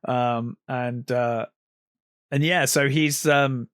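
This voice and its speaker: A man's voice: mid-range voice, fairly even intonation, takes it slowly, a bit bright, clear, resonant tone, dry recording, clean studio sound. A man co-hosting a film podcast, casually retelling scenes with lots of fillers. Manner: retells scenes with acted quotes, many fillers. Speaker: podcast co-host.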